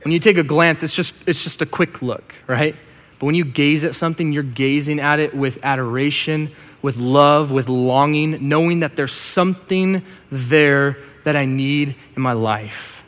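A male pastor delivering a sermon with slow, emphatic lines and soft, hushed asides. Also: fairly high pitch. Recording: long hall reverb.

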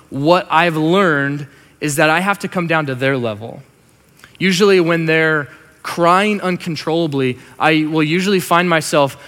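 Man, pastor, slightly high voice, emphatic sermon delivery, hushed asides, long hall reverb. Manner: preaching with slow emphatic lines and soft, hushed asides.

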